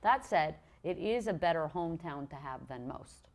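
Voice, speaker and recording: A woman's voice: deep voice, moderate pace. A woman from Montreal, chatting as a podcast guest and telling stories with lots of restarts and swearing. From Montreal, Canada. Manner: animated storytelling, swearing, frequent restarts. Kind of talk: casual chat.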